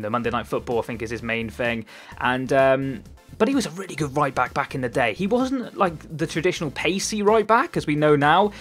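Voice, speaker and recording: Fast-talking young Cornish man. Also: mid-range voice, fairly bright tone. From Cornwall, England. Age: 20s. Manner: chatty and rambling, with frequent ums and repeated words. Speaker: gaming YouTuber. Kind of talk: casual gameplay commentary.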